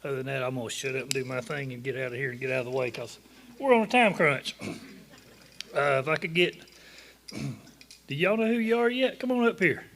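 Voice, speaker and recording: A man's voice: mid-range voice, a little fast, gravelly, long pauses, a bit bright. A man with a Southern US accent, a sheriff's office officer presenting an award in a folksy, joking, plain-spoken way. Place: luncheon event room.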